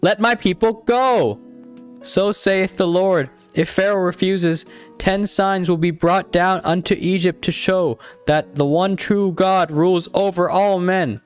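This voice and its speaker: A bold, righteous prophet who pleads and commands in a high, strained, declaiming voice, as a man puts him on for a dramatic reading. The pitch climbs well above a normal speaking voice and stays loud and insistent, with quiet music playing behind. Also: a little slow, clean tone. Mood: pleading.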